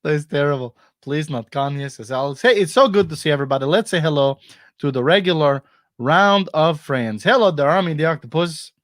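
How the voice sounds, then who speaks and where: A man's voice: a little high, animated, fairly quick, fairly bright tone, no room sound, clean studio sound. Playful joking man hosting a stream. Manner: playful, joking, laughs often. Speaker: host. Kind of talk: casual live-stream comedy chat.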